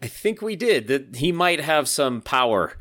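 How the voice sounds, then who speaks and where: A man's voice: mid-range voice, sing-song, unhurried, a bit bright. A man hosting a podcast in casual chat, upbeat and jokey, reading listener mail aloud. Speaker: podcast host.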